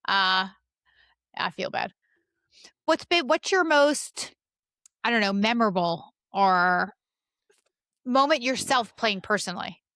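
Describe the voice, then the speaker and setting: Bright-voiced woman hosting a podcast. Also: mid-range voice, lively intonation, slow, long pauses, no echo, studio quality. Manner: chatty, encouraging, laughs easily. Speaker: podcast host. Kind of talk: casual interview chat.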